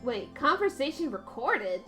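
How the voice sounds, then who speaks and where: A woman streamer reading a game aloud and making excitable, chatty asides. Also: sits high, a little slow. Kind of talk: casual game play-through commentary. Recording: game music behind.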